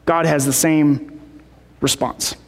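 High-voiced preacher in an echoing hall. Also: male voice, fairly even intonation, slow, creaky. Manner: rambling, many fillers and restarts. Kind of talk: casual sermon.

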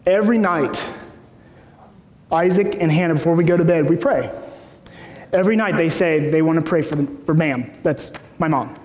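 A man's voice: a little high, normal speed, long pauses, a little mellow. A man in his thirties preaching a sermon in a conversational way, often checking in with the room. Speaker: pastor. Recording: echoey hall.

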